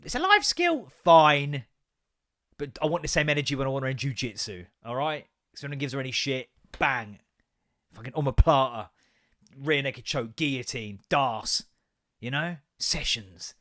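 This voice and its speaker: A man's voice: medium pitch, normal speed. A man hosting a podcast, telling a story in a casual, sweary rant. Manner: animated, sweary, mimics voices in anecdotes. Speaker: podcast host.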